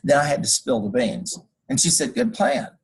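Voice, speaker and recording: A man's voice: medium pitch, steady tone, normal speed, slightly rough, poor audio. A man teaching a class over a screencast, walking through code and drifting into folksy personal stories. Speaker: college instructor. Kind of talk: screencast lecture.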